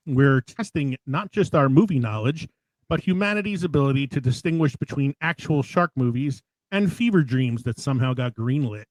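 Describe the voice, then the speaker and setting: A man hosting a casual podcast, telling a dramatic deadpan story before loose, chatty banter. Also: medium pitch, normal speed, no room sound, low-quality recording. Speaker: podcast host. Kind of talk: casual podcast chat with a comic spoken intro.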